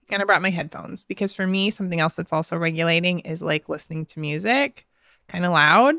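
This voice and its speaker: A woman's voice: fairly low pitch, a bit bright, clear, resonant tone, dry recording, studio quality. A woman in her thirties, a podcast host, telling a personal story in a casual, chatty way with frequent laughs and fillers. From United States.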